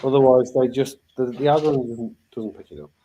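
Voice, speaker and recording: A man's voice: medium pitch, fairly quick, mellow, a little hiss or hum. An Australian man co-hosting a casual livestream chat, rambling and repeating words, often laughing. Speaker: livestream co-host.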